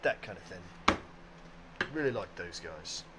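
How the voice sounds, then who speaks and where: A man's voice: deep voice, a little slow, crowd noise, poor audio. A man casually leading a party-game round with friends, teasing and upbeat. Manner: lively, teasing. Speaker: game show player.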